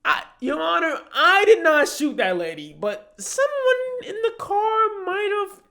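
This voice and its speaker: A man putting on the voice of a whiny, evasive young man who pleads his innocence in a high, shrill tone. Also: huge pitch swings, a little slow, vocal fry, pushed and bright, heavily acted. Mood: pleading.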